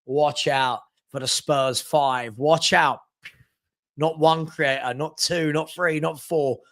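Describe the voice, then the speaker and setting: A man hosting a live football stream, chatty and teasing as he reads viewer comments and gives shout-outs. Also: fairly high pitch, steady tone, takes it slowly. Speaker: host of a live football transfer show.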